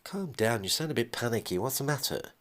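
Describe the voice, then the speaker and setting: A man with a deep voice voicing a calm, shrewd divorced businesswoman who talks in a cool, dryly teasing way. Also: fairly quick, natural voice.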